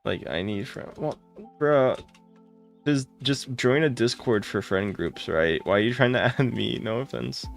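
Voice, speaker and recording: Gravelly-voiced man chatting on a live stream. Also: mid-range voice, a little slow, faint music behind. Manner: greets viewers by name, excitable and gushing. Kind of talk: casual live-stream chat.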